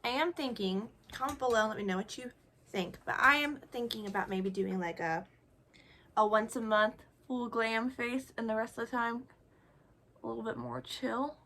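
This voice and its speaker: Chatty woman with a slightly high voice. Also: moderate pace, a bit bright. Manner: chatty, self-deprecating, talks while applying makeup. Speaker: beauty vlogger. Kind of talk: casual makeup tutorial chat.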